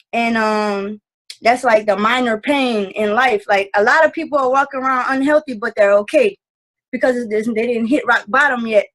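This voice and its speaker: A woman's voice: fairly high pitch, a bit bright, poor audio. A woman giving a casual testimonial on a video call, earnest and rambling, with lots of fillers. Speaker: team member sharing takeaways.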